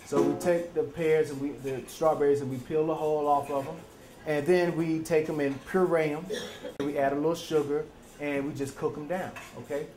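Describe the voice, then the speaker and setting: A man's voice: on the high side, steady tone, moderate pace, dark tone, reverberant, faint music behind. A man teaching a live cooking demonstration in a chatty, folksy way, often checking in with his audience. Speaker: culinary teacher.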